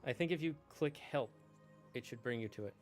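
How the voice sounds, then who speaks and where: A man's voice: mid-range voice, brisk, faint music behind. A man streaming a game, chatting in a casual, rambling way and talking affectionately to his cat. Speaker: gaming streamer. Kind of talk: casual chat.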